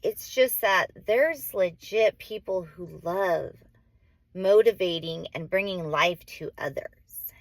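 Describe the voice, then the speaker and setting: This forties-aged mom vlogger speaks slowly in a voice on the low side, with no echo around her. Heartfelt and rambling to the camera, she fills her talk with "like," corrects herself, and gets emotional.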